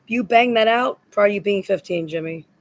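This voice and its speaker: A woman's voice: mid-range voice, fairly quick, dry recording, rough recording. A woman in a rambling, agitated spoken monologue that loops back on the same words.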